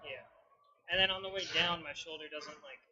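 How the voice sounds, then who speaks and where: A man's voice: a little high, fairly even intonation, a little fast, muffled recording, crowd noise. A man bowling, talking earnestly and analytically about his own technique in casual practice chat. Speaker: bowler.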